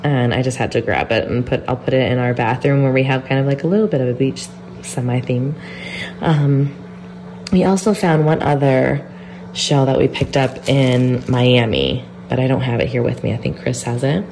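A woman's voice: a bass voice, moderate pace, darkish tone, slight background noise. Congested, nasal young woman vlogging. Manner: chatty, gushing, talks in a sing-song voice to her dog. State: congested with a cold. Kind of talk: casual vlog chat.

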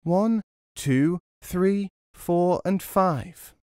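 Tiny clever boy, played by a male reader: high, shrill, loud calls, dry close sound. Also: extremely slow, smooth, no echo. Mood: calling out. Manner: high calling voice.

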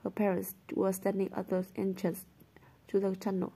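A woman reads a novel aloud in a soft voice that at times drops to a near whisper. Her voice sits at an ordinary middle pitch, and her narration carries the story steadily from line to line. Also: completely flat delivery, normal speed, breathy edge.

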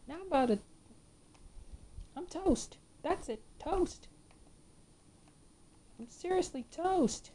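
A woman's voice: sits high, slow, long pauses, warm tone, slight background noise. A woman giving gameplay commentary, ranting and swearing at the game as she plays. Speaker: let's play gamer.

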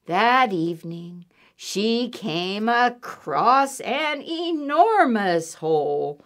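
A woman's voice: medium pitch, drawn-out words. A woman, a children's librarian, reading a picture book aloud and asking the children questions as she goes. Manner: animated, asks kids questions. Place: public library.

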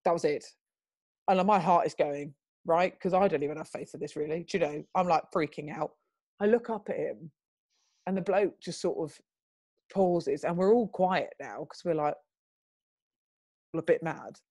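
A young adult woman, a guest telling a lively story and quoting herself in loud, high bursts. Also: normal speed, pauses often, dry recording, studio quality. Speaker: interview guest. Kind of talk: animated storytelling.

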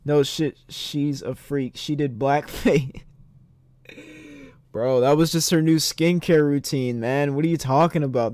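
Excitable young guy doing game commentary, swears a lot, pitch jumping all over, dry close mic. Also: no echo. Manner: excitable, swears often, laughs a lot, reads dialogue aloud. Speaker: streamer playing a rhythm game. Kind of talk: gameplay commentary.

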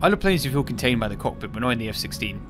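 A man's voice: mid-range voice, big pitch swings, racing, background noise. A man streaming a game, giving casual, joking commentary that is irreverent and profane.

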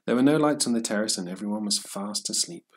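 A man reading a story aloud in a steady, measured narration for English learners. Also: lowish voice.

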